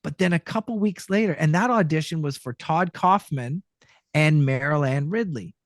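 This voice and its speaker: This middle-aged man from Canada has a fairly high pitch and a moderate pace, recorded in studio quality with no echo. Appearing as a guest voice actor in a casual interview, he tells stories with animation, acting out voices and quoted lines.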